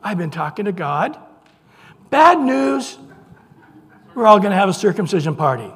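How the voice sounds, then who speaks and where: A man playing an excited old patriarch who breezily announces news to his household, for comic effect. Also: high-pitched, normal speed, breathy edge, pitched above the performer's own voice, full character voice. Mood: giddy. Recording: long reverb in a large hall.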